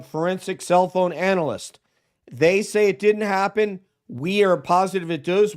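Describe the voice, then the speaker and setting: A man's voice: high voice, darkish tone. A man talking as a guest on a live true-crime stream, emphatic and argumentative as he makes his points. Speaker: guest co-host.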